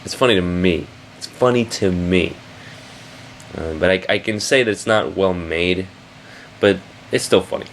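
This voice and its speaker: A man's voice: low voice, measured pace, slight background noise. Crude exasperated man reacting to anime. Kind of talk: casual reaction commentary.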